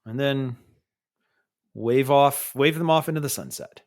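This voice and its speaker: A man's voice: medium pitch, measured pace, darkish tone. A man co-hosting a podcast, chatting casually in a rambling, wry way with many restarts. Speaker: podcast co-host. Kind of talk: casual chat.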